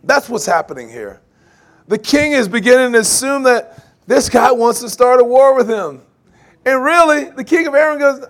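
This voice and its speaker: A man preaching a sermon, animated, laughing often and acting out quoted voices. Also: very high-pitched, normal speed. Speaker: pastor.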